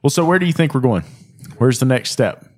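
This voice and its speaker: A man's voice: mid-range voice, animated, brisk. A man hosting a podcast, making wry, teasing interjections and steering the talk. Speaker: podcast host. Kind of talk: casual chat.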